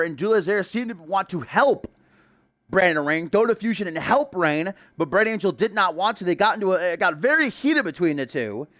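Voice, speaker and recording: A man's voice: a little high, a bit bright, no room sound. A young man calling a wrestling video game match as play-by-play commentator, building hype with casual asides to his stream chat.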